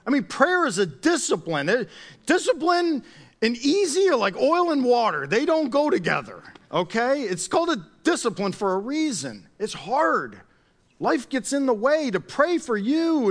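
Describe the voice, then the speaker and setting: A man preaching a sermon as pastor, telling a personal story in a chatty, animated way with many restarts. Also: very high-pitched.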